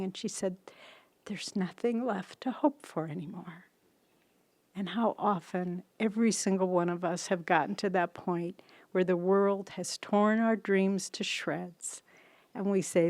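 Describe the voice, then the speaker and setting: A woman in her sixties speaks slowly and earnestly, giving a devotional talk in a storytelling way. Her voice is close and dry, with little room sound around it. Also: medium pitch, a little mellow, no room sound. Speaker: spiritual teacher giving a tribute talk.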